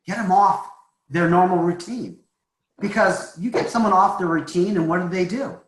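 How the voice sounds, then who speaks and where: A man from Massachusetts talks recruiting in a loose, joking way. His voice sits a little high for a man. It rings in an echoey room. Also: expressive, normal speed, fairly bright tone. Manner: chatty, joking, schmoozing. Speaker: recruiting trainer. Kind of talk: casual webinar coaching.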